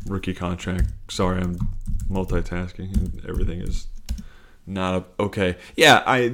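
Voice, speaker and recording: A man hosting a casual solo podcast, rambling and swearing, interrupting himself as he talks. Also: low voice. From Cincinnati. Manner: rambling, profane, self-interrupting. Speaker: podcast host.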